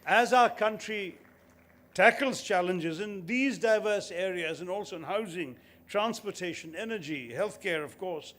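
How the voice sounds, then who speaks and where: A man in his sixties delivers a formal convocation address, building his points with emphatic lists. His pitch sits fairly high. He speaks with polished, rhetorical command. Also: fairly bright tone. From India. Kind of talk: formal ceremonial speech.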